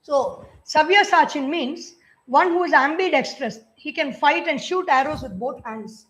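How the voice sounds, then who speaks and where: High-voiced Indian woman chanting and explaining scripture. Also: a bit bright. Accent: Indian English. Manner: chants verses slowly in a sung tone, then explains them conversationally. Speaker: spiritual teacher giving a scripture discourse. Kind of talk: scripture discourse with chanted verses.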